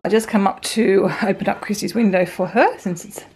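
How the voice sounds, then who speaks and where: A woman's voice: medium pitch, brisk, a little mellow, a little hiss or hum. An Australian woman in her forties, chatting casually in a home vlog, rambling and laughing as she talks to her dogs. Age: 40s. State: out of breath from exercising. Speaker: vlogger.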